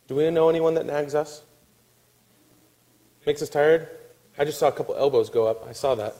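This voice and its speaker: A man preaching a sermon, telling a story with acted-out quotes and dropping to a hushed, weary tone. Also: a little high, measured pace, long pauses, low-quality recording. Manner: animated storytelling, acting out quotes, dropping to a soft hush. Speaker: pastor.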